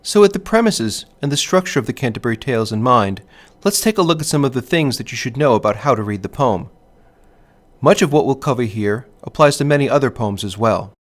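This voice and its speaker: A man narrating a scripted literature lesson in a clear, measured way, sounding out stress patterns as he goes. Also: medium pitch, expressive. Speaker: teacher.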